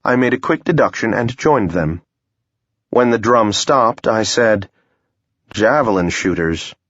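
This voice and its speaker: A man's voice: mid-range voice, lively intonation, measured pace, a bit bright, husky, no echo. A man narrating a first-person fantasy audiobook in a wry, understated way, recorded with a dull, dry sound.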